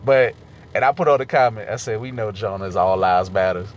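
A man co-hosting a podcast in casual chat, animated, laughing often and swearing casually. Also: on the low side, brisk, highs cut off, slight background noise. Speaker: podcast co-host.

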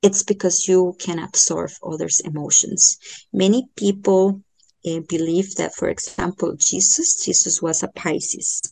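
Slow-talking woman with dry close sound. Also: fairly low pitch, fairly even intonation, gravelly, dark tone, dry recording. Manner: slow, thoughtful, many fillers and restarts. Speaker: astrologer giving a chart reading. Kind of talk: podcast interview, explaining.

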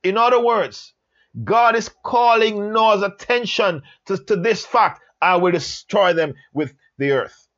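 Man, high-pitched, Bible lesson, emphatic repetition, muffled lo-fi recording. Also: fairly bright tone. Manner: slow, emphatic, repeats phrases for stress. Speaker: Bible teacher. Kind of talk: Bible letter study lesson.

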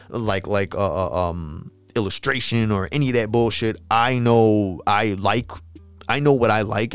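A man's voice: fairly low pitch, smooth. A man, talking casually and rambling, swearing a lot and losing his train of thought. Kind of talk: casual monologue.

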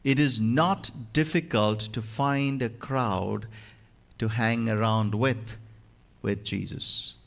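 A male pastor preaching a sermon, moving from hushed, slow lines to loud, emphatic ones. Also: medium pitch, gravelly.

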